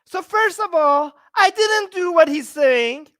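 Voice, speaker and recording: Host: high-pitched man, dry close sound, heated ranting livestream reaction. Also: lively intonation, slow, fairly bright tone, dry recording. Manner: heated, ranting with rhetorical questions. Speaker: channel host.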